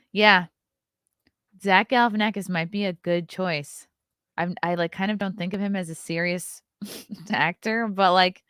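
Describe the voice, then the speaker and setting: A chatty woman in her thirties hosts a live stream. She riffs and laughs easily, her voice a little low. The mic sound is dry and close. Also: a little slow, a bit bright, smooth, no echo. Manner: chatty, riffing, laughs often. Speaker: host. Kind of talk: casual live-stream chat.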